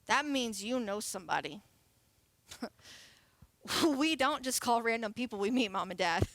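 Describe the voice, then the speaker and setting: A woman's voice: a little high, animated, a little slow, fairly bright tone, no room sound. A woman in her late twenties, a youth pastor, giving a sermon in a chatty, playful way and laughing often. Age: late 20s. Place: church sanctuary.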